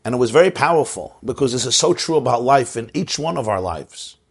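Man, Torah teacher, husky, animated, wide pitch swings, mid-pitched voice. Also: fairly quick. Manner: animated, pitch swinging widely between low storytelling and high exclamation. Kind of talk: Torah class.

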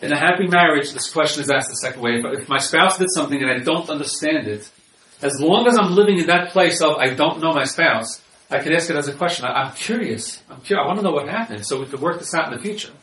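A man's voice: on the high side, lively intonation, fast talker, fairly bright tone, recorded from a distance, slight background noise. Man lecturing in an echoey room. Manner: informal, repeats key points. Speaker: marriage counselor. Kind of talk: lecture with slides.

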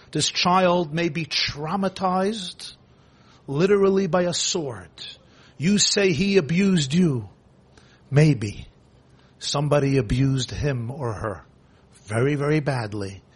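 A man giving an impassioned sermon, repeating phrases and swinging between hushed and loud delivery. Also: mid-range voice, slightly rough.

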